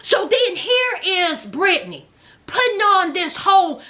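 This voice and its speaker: A woman giving comedic reaction commentary on a reality show, sassy, blunt and mocking, often dropping into low muttered asides. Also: sing-song, measured pace, bright, forceful tone.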